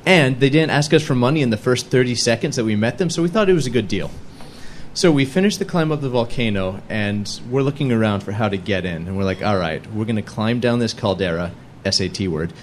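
Young male storyteller, animated and self-mocking, voice swinging up and down, mid-pitched, faint room noise. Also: fast. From United States. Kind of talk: live story slam storytelling. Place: stage before a live audience.

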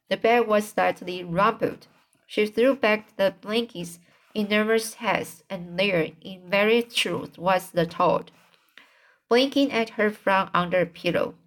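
Woman reading a classic novel aloud. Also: medium pitch. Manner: steady reading with occasional slips and restarts. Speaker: audiobook reader. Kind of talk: amateur audiobook reading.

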